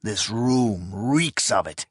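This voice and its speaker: A man voicing a volatile, suspicious emperor who shouts shrill accusations. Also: expressive, slow pace, slightly rough, no room sound, clean studio sound, exaggerated voice. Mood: furious.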